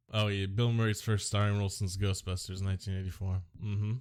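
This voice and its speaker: A man's voice: on the low side, level tone, fast, few pauses, darkish tone, clean tone. A man co-hosting a casual movie podcast, joking and rambling between facts about the film. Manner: jokey, rambling, silly impressions. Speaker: podcast co-host.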